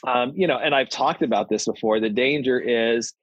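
A man's voice: medium pitch, moderate pace, dry recording. A man co-hosting a casual parenting chat, telling stories in a wry way with many fillers. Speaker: podcast co-host, parent. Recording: dull dry recording.

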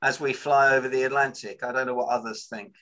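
A man's voice: mid-range voice, steady tone, quick pace, sharp tone. A man making polite, musing remarks in a group video call.

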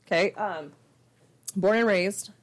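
A woman's voice: medium pitch, takes it slowly. A woman hosting a podcast in casual chat, loose and joking, swearing freely. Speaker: podcast host.

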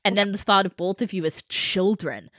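A woman's voice: mid-range voice, moderate pace, fairly bright tone, no room sound, clean studio sound. A woman hosting a podcast in casual chat, rambling, laughing and swearing now and then. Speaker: podcast host.

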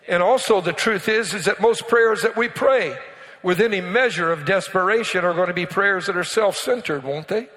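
A male pastor with a notably high-pitched voice delivers a sermon to his congregation, the sound carrying a long reverberant tail from the church hall. He speaks directly to the pews with asides and prompts, and pushes into emphatic, almost shouted peaks. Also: lively intonation, normal speed. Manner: preaching with call-and-response asides to the congregation. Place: church sanctuary.

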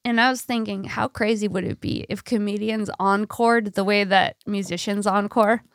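A woman comedian co-hosting a podcast, giggling often, animated and casually swearing. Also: medium pitch, normal speed, no echo, studio quality.

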